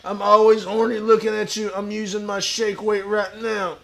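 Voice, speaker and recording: A man playing a crude, boastful washed-up pro wrestler who talks about himself in the third person and shouts his lines. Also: sits high, flat delivery, moderate pace. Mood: swaggering bravado. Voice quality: gravelly, shouty bravado. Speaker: streamer in character. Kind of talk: improvised comedy stream.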